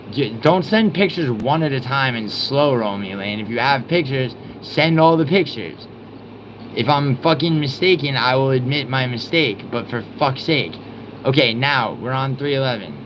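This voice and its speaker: Young male livestream host, heated and profane, mid voice, slight background hum. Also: medium pitch. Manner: exasperated, swearing, rapid outbursts.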